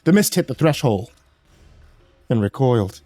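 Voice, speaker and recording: A man's voice: medium pitch, sing-song, moderate pace, dark tone, no room sound. A man reading a horror story aloud in a dramatic storytelling manner. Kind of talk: scripted horror narration.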